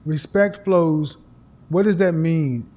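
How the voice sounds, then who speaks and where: Measured man questioning a caller. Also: on the high side, dull audio. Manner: measured, probing, slow deliberate questions. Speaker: call-in show host. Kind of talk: call-in advice show.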